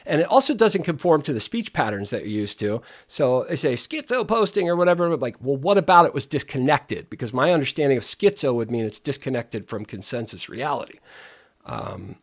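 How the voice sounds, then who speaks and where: Streamer host, male, gravelly and lively pitch, rambling with playful wordplay. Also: brisk. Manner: rambling, wordplay-loving, self-interrupting. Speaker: live streamer. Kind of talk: casual stream commentary.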